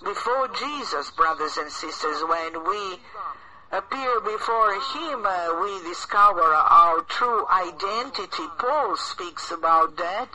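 A male preacher with a high, very bright and sharp voice gives an earnest sermon. He speaks slowly and deliberately. His exhortations come with small hesitations between phrases. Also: expressive, low-quality recording.

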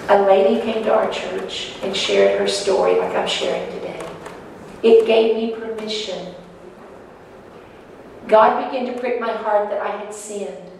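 A woman's voice: mid-range voice, vocal fry, darkish tone. A woman telling her own story to an audience in an earnest, emotional way. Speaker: speaker sharing personal testimony. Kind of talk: personal testimony talk to an audience. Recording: echoey hall from far off, faint noise.

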